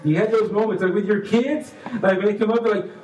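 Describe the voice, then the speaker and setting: A man preaching a sermon as pastor, animated, acting out little voices and swinging between hushed and loud. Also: high-pitched, quick pace, echoey room, recorded from a distance, a little hiss or hum, low-quality recording.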